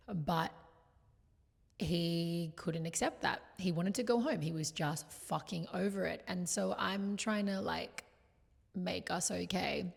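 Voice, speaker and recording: A young woman vlogger telling a personal story in a chatty confessional way, full of "like" fillers, swinging between loud and hushed. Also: fairly low pitch, unhurried, vocal fry, breathy edge. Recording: long hall reverb.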